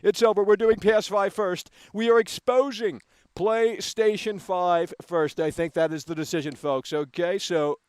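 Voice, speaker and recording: A man hosting a gaming livestream, ranting in a brash, combative way that swings into loud outbursts on a close mic. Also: sits high, steady tone, moderate pace, clean tone, no room sound.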